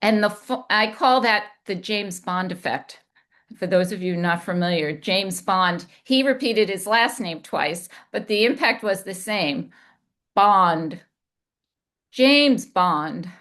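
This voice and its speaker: A woman communication coach giving a deliberate instructional talk, demonstrating inflection as she goes. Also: mid-range voice, a bit bright.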